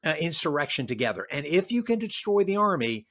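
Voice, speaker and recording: This older man from the American South speaks in a slightly raised register and tells history with animated energy. He acts out quoted voices and often restarts his sentences. He sounds like a retired army general being interviewed on a podcast. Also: on the high side, a little fast.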